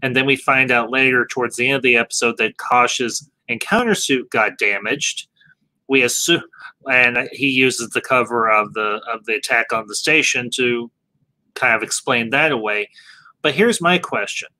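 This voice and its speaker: Bright-voiced man hosting a discussion. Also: medium pitch, normal speed, no echo, low-quality recording. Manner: animated, poses questions, restarts sentences. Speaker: podcast host moderating a discussion. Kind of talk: casual discussion.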